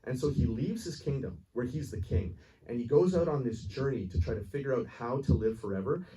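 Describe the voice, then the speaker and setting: A man's voice: medium pitch, brisk, warm tone. Earnest rambling man in a cinema. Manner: rambling, earnest, laughs often, many restarts. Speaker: filmmaker answering audience questions. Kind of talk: casual Q&A answer, storytelling. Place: cinema theater with audience. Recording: distant voice, faint noise, live audience room.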